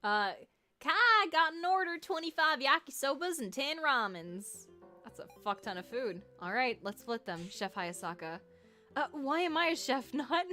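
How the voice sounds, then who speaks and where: A woman streaming a game reaction, gushing excitedly, swearing a lot and squealing at things she loves. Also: sits high, moderate pace, faint music behind. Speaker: streamer hosting a watch party.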